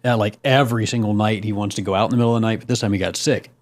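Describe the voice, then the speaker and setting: A man's voice: fairly low pitch, steady tone, very fast. A man hosting a casual podcast, telling a funny story with lots of laughter and animation. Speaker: podcast host.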